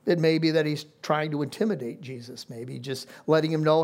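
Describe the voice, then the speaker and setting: A woman's voice: deep voice, brisk, hardly any pauses, a little mellow. Emphatic woman preaching a sermon. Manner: emphatic, repeats phrases for stress.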